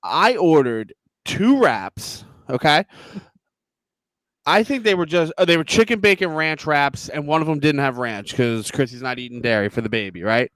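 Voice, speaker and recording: A fairly high-voiced man rants in a heated, profane stream. He sounds like he is in his thirties and is recorded on a dry, close microphone. The delivery is animated and conversational, like a podcast co-host. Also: normal speed, no echo. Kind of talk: ranting casual chat.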